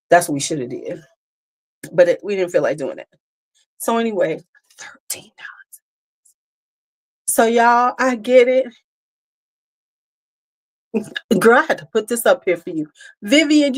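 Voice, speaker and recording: Chatty woman livestreaming to her viewers. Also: fairly low pitch. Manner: chatty, animated, talks to viewers directly. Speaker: livestream host. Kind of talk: casual livestream chat.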